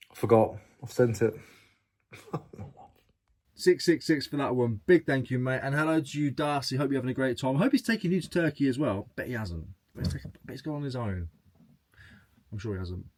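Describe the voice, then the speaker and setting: Recorded with no room sound, a man with a medium-pitched voice chats to camera as a reselling vlogger. He's chatty and jokey while reading out his sales.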